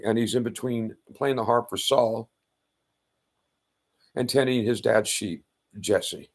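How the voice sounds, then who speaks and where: A man retelling an old story in casual, animated talk, with loud sound-effect outbursts and blunt profanity. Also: fairly low pitch, slow pace, gravelly, long pauses. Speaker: self-styled faith speaker.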